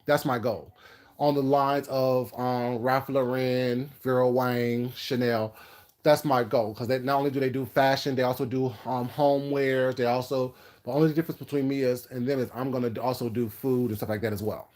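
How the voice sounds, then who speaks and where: A man's voice: medium pitch, steady tone, normal speed, darkish tone. A man vlogging in a casual storytelling style, rambling between topics with a brash, sassy, self-assured manner. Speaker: food vlogger.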